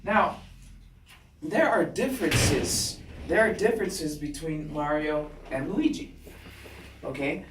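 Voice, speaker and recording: A male teacher with a slightly high voice leads a classroom grammar lesson at a very slow, deliberate pace, stopping after almost every point to check that students follow. He is picked up from a distance in a roomy, echoing classroom with a faint hiss behind him. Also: expressive. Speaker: English teacher.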